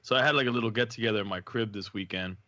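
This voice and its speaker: A man with a bright, forceful voice tells an animated story with slang in a relaxed podcast chat. The recording is dry, dull and lo-fi. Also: lowish voice, racing, no room sound. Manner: animated anecdote-telling with slang. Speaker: podcast co-host. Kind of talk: casual chat. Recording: dull lo-fi audio.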